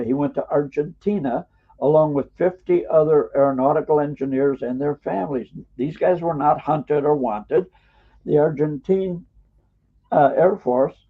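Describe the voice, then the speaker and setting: A man's voice: fairly high pitch, breathy edge. An older man, an author and historian, telling rambling, emphatic anecdotes as an interview guest, with frequent uhs and mild cursing. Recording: tinny phone-like call audio.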